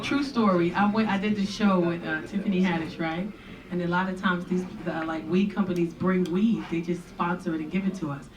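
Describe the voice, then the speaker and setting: A woman comedian telling a profane, animated stand-up story to a live audience. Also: fairly low pitch, brisk, recorded from a distance, rough recording. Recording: stage recording with loud crowd. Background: audience laughter.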